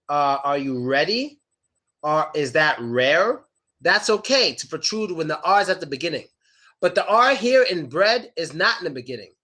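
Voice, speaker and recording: Bright-voiced man teaching pronunciation. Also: sits high. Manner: chatty, drawn-out model words. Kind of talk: casual online lesson.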